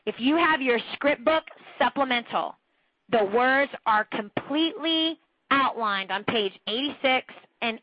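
A woman's voice: on the high side, no room sound, dull audio. A woman coaching listeners on a training call, talking emphatically and slipping into mocking impressions. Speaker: sales trainer. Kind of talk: motivational training talk on a group call.

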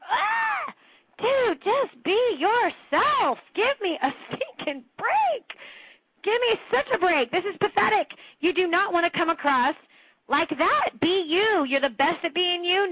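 High, emphatic woman sales trainer. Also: dry recording, lo-fi sound. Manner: emphatic, with mocking impressions. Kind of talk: motivational training talk on a group call.

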